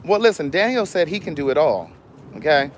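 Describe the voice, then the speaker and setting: A man with a somewhat high voice chats on a casual livestream, recorded outdoors in his yard. He talks straight to his viewers, animated and easygoing. A faint hum of background noise runs under him. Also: brisk. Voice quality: chatty, animated, addresses viewers directly with laughs. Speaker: vlogger hosting a livestream.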